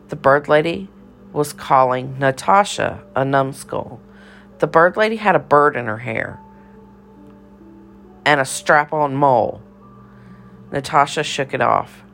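Woman, audiobook narration, slow, gravelly, faint music underneath. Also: a bass voice, a bit bright. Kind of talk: scripted storybook narration.

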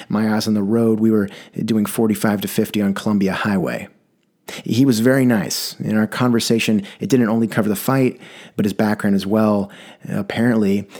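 A man's voice: lowish voice, darkish tone. A man telling a wry personal story about a passenger, with a dry delivery. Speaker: rideshare driver telling a story.

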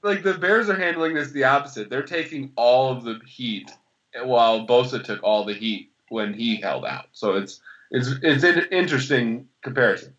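A young man gives steady, reasoned sports takes on a casual podcast. His voice sounds a little dull and lo-fi. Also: medium pitch, normal speed. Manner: steady, reasoned, steers the conversation. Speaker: podcast co-host.

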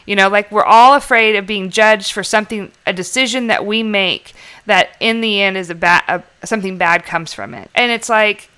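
A woman talking casually on a podcast, rambling and emphatic, breaking into laughter often. Her voice is bright and clear, with a crisp edge. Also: mid-range voice, moderate pace. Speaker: podcast co-host. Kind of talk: casual conversation.

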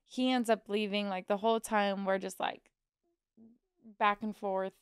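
A woman's voice: mid-range voice, steady tone, a little slow, clear, resonant tone, no room sound, clean studio sound. A young woman from Missouri, co-hosting a podcast, telling a story in casual chat and acting out what people said, swearing freely. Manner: chatty storyteller, acts out quotes, swears freely. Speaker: podcast co-host.

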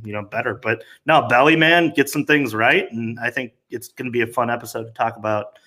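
A man's voice: mid-range voice, sharp tone. A man co-hosting a sports podcast, chatting casually with joking banter. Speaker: podcast co-host.

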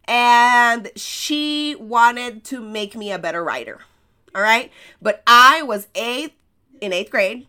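Slow, bright-voiced American woman host. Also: a little high, clear, resonant tone. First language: Spanish. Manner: storytelling with rhetorical questions; laughs at herself. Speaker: podcast host. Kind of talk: casual motivational monologue.

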